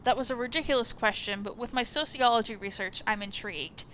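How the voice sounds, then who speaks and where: A woman's voice: a little high, brisk, a bit bright, a little hiss or hum, close to an everyday voice. A woman reading as a nervous, fawning male landlord. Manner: apologetic, stammering, rambling. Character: awkward nervous male sociologist landlord, clumsy and intrusive. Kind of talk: reading a visual novel aloud.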